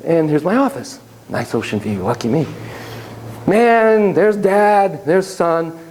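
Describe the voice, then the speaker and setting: A man who is a psychologist telling a story to students in a lecture, animated and joking, with frequent laughs. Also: fairly high pitch, takes it slowly, a little hiss or hum.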